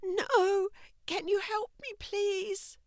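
A woman's voice: steady tone, very slow, no room sound, studio quality, full character voice. A woman doing a frightened young mother in labour. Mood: distressed. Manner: high, strained, breathy whimpering.

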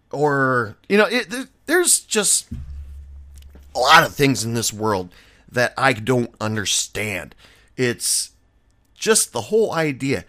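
A man's voice: mid-range voice, big pitch swings, takes it slowly, pushed and bright, no room sound, studio quality. A middle-aged man, a bartender, telling a story in a casual, sarcastic and blunt way.

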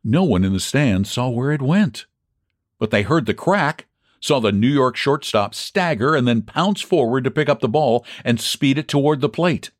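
A man's voice: mid-range voice, expressive, normal speed, no echo, clean studio sound. A man narrating a story as an audiobook reader, reading it expressively and calling out the crowd's cries. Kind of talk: scripted narration of a classic baseball story.

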